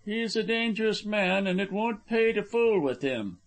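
A man's voice: high-pitched, expressive, moderate pace, voice pushed up. A man voicing a sour, bullying patrol officer. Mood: sour warning.

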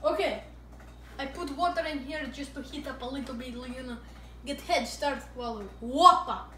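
High-voiced woman in a put-on Russian accent. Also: normal speed, pushed and bright. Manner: playful, broken English, jokey. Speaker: vlogger. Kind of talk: casual cooking review vlog. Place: home kitchen. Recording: echoey kitchen, far from mic, noisy.

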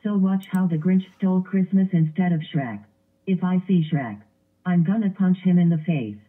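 The Grinch, voiced by a high male computer voice, ranting. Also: moderate pace. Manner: whiny, repetitive ranting. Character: spiteful green grumpy male Grinch. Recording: tinny phone-like lo-fi sound.

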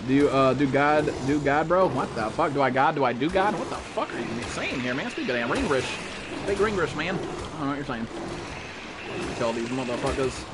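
A male gaming streamer riffing live with viewers, loose and profane, tossing "bro" and "dude" into everything. His voice sits at an ordinary middle pitch. A steady wash of noise runs under the recording. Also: moderate pace. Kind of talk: casual live-stream commentary.

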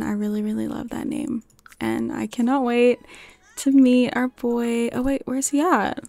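A chatty woman commenting on her game session as she plays, quick to gasp and laugh. Her voice sits a little high, with a gravelly fry running through it. The sound is close and dry, with almost no room around it. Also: no room sound. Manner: chatty, excitable, gasps and laughs often. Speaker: game streamer. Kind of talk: casual gameplay commentary.

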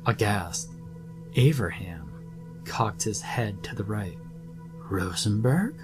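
A male horror storyteller narrates in a low, unhurried voice. His slow, deliberate pacing sits over a faint music bed.

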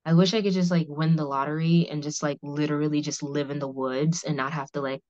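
A woman's voice: sits low, fairly even intonation, fairly quick, darkish tone, dry recording. A woman hosting a podcast, talking frankly and rambling with lots of "like" fillers. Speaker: podcast host. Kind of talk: candid conversational discussion. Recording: slightly muffled audio.

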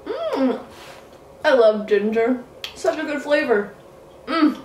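A young woman with a fairly high voice talks casually to the camera as she eats, joking and swearing along the way. She sits back from the mic in a room at home that rings with echo. A faint hum of room noise runs behind her. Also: measured pace. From Canada. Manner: chatty, swears casually, jokey. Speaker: vlogger. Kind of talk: casual mukbang chat while eating. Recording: echoey room, mic at a distance.

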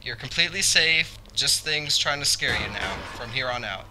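A man's voice: mid-range voice, expressive, normal speed. A young man hosting a let's play, talking through the game and yelping and repeating himself when something startles him. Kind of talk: gameplay commentary.

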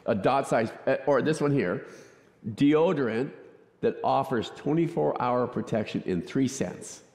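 A man preaching a conversational, joking sermon in a church, chatty and quick to laugh. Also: medium pitch, animated, a little mellow. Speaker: pastor. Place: church sanctuary. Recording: echoey church hall.

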